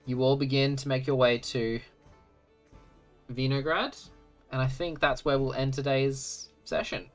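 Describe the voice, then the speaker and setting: A woman narrating as game master of a tabletop game, slow and halting with many ums. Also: a bass voice, steady tone, faint music behind.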